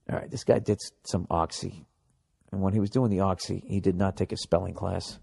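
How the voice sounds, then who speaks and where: A man's voice: low voice, steady tone, normal speed, gravelly, darkish tone, breathy edge. Blunt, profane comedian man. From United States. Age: middle-aged. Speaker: podcast host. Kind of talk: comedic podcast monologue.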